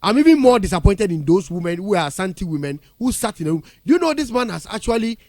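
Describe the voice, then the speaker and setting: A man's voice: sits high, very animated, fast talker, a little mellow, no echo. A man with a Ghanaian accent giving heated, blunt radio commentary in a studio, mixing English with Twi. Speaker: radio entertainment pundit. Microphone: studio mic.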